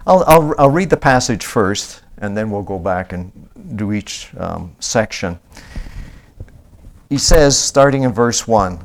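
A man's voice: fairly low pitch, animated, slow pace. A man giving a conversational Bible-teaching sermon in church, with many restarts and fillers. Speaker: preacher.

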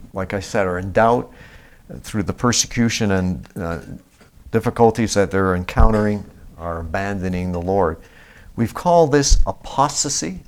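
A man, an elder of a small church, preaching a sermon, reading scripture slowly and with emphasis, then explaining it in plain talk with fillers and restarts. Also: lowish voice. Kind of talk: expository sermon.

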